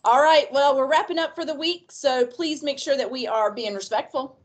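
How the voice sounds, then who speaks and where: A woman's voice: high-pitched, moderate pace. A woman with a Southern US accent, hosting school announcements in a cheerful, prompting way. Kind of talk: casual chat on school announcements.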